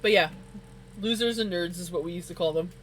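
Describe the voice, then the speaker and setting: A woman hosting a casual livestream, chatting while she knits and telling stories with lots of laughter. Her voice shoots up high when she gets excited. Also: a little fast, slight background noise, poor audio. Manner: animated storyteller, laughs often, voice climbs high when excited. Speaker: livestream host. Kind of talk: casual chat while knitting on stream.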